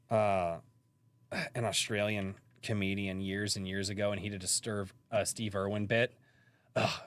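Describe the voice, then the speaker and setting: A man's voice: on the low side, a bit bright, no echo. A man hosting a live-stream podcast from a rural home, chatting casually and rambling with many fillers and restarts.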